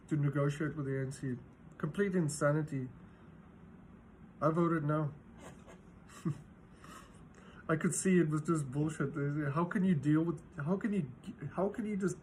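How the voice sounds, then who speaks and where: A man in his fifties, talking to camera in an exasperated, halting way as he searches for words. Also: fairly high pitch, a little hiss or hum. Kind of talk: casual talk to camera.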